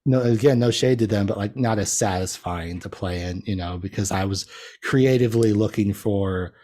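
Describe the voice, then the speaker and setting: A man's voice: fairly low pitch, normal speed, dark tone. A man as a podcast guest, chatting casually in a rambling way and laughing often at himself. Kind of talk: casual chat.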